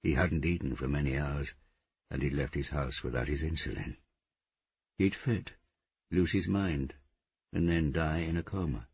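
A man narrating a novel in steady, measured scripted narration. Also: rumbling low, breathy edge, lo-fi sound. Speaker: audiobook narrator.

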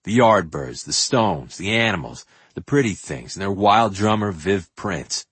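An older man from New York narrates his own life story, shifting between loud outbursts and hushed asides and swearing freely. His voice sits low and has a husky grain. The recording is dry and close. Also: animated, measured pace, dry recording. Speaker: memoir narrator. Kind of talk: audiobook memoir narration.

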